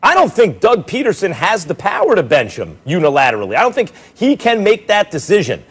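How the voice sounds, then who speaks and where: Husky, high-voiced man debating sports. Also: brisk. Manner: animated, sarcastic, mimics others. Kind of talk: heated studio sports debate.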